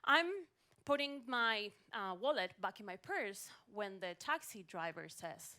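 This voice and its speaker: Bright woman telling a comic story. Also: medium pitch, measured pace. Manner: animated, with wry comic timing. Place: stage at a live story event.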